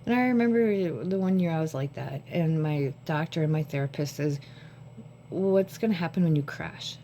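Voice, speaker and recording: A woman with a lowish, mellow voice talks to her phone camera at home. Short on sleep, she rambles casually from one thought to another. A faint hum sits under her voice. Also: normal speed. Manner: rambling, jumps between thoughts. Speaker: vlogger.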